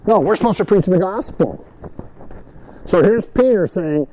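Animated man preaching, lively pitch. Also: unhurried, a little hiss or hum, low-quality recording. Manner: animated, asks "right?", acts out quoted speakers. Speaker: Bible teacher. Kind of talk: conversational sermon to a group.

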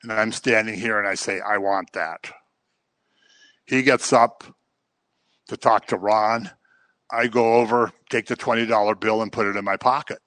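A man's voice: lowish voice, steady tone, moderate pace, a bit bright, no room sound. A man giving a conversational sermon as a pastor, acting out everyday examples to make his points. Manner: conversational teaching with acted-out examples.

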